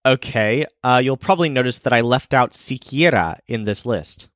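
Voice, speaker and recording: Male teacher-host, lively delivery, dry close mic. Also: medium pitch, no echo. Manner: explains clearly, slows down for example sentences. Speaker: language teacher. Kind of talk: scripted teaching narration.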